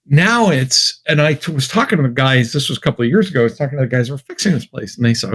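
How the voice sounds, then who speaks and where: A man's voice: mid-range voice, lively intonation, fast talker, hardly any pauses, fairly bright tone, breathy edge. A man from Massachusetts, an academic guest on a podcast, talking in a chatty, wry, anecdotal way. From Massachusetts, USA. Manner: chatty, anecdotal, wry, with many fillers and restarts. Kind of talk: podcast interview conversation.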